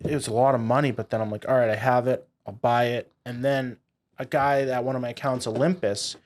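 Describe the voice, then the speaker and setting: Animated young man telling stories. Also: medium pitch, fairly quick. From Boston, USA. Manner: animated, swears, acts out quotes. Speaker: company founder, guest. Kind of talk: casual storytelling interview.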